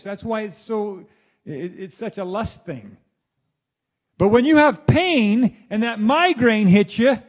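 A man delivering a rambling spoken monologue to listeners, animated and swearing freely, acting out exclamations as he goes. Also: sits high. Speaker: speaker addressing his listeners.

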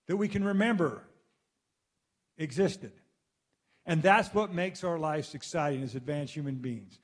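A man delivering a rambling spoken monologue to listeners, animated and swearing freely, acting out exclamations as he goes. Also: high-pitched. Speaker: speaker addressing his listeners.

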